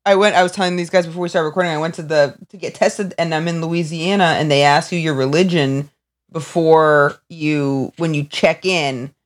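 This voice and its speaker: Guest from Maine: woman, lowish voice, loose rambling storyteller who curses. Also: steady tone, normal speed. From Maine, USA. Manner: rambling storyteller, swears freely. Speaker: podcast guest. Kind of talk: casual chat.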